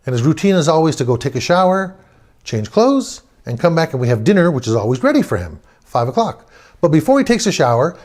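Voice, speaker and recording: A man telling a personal family story, animated, acting out the quotes and chuckling often. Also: a little high.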